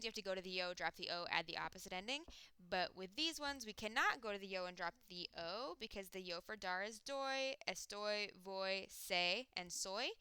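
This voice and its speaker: A woman teaching a recorded Spanish grammar lesson, explaining step by step and slowing down to spell out example words. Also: medium pitch, sharp tone, smooth, no room sound.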